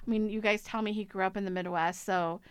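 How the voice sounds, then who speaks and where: A woman's voice: mid-range voice, steady tone, quick pace, clean tone, dry recording. Rambling woman, dry close sound. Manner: rambling, lots of likes and restarts. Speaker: film club podcast co-host. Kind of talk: casual film discussion.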